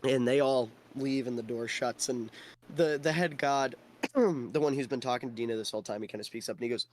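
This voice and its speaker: A man's voice: mid-range voice, a little fast, no room sound. A man running a tabletop game as game master, narrating in a loose style full of fillers and restarts.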